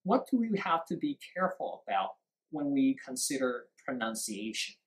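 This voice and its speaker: A man's voice: mid-range voice, very animated, normal speed, echoey room, poor audio. A man teaching a live-stream lesson, repeating his points and quizzing viewers with questions. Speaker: English speaking teacher.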